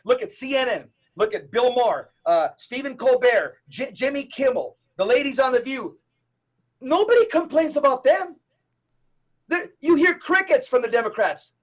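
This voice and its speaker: A man speaks as a guest in a podcast interview, with a remarkably high voice for a man. He delivers his points like a preacher, emphatic and rapid-fire, stacking one phrase on the next. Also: sing-song. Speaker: Catholic evangelist guest.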